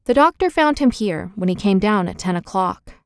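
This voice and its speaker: Brief: woman storybook narrator, steady and expressive, dry studio sound. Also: mid-range voice, normal speed, clean tone, dry recording. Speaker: audiobook narrator.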